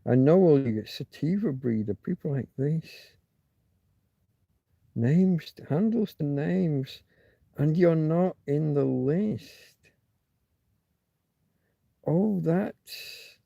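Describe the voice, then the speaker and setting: Slow, gravelly man rambling on a livestream. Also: a little high, big pitch swings, mellow, dry recording, dull audio. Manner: thinks aloud, muttering asides while reading chat. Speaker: livestream host. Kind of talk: rambling live chat with viewers.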